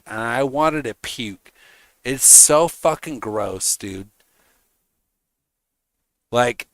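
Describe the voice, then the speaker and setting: Slow, forceful profane ranting man. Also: mid-range voice, smooth, dry recording. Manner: profane, heated, mocking. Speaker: streamer. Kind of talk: casual rant.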